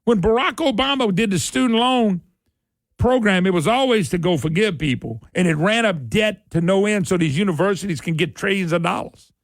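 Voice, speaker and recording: A man's voice: high voice, lively intonation, fairly quick, no echo. A middle-aged man, hosting talk radio in an opinionated political monologue. He talks in a fiery, emphatic way, repeats his points and climbs sharply when worked up.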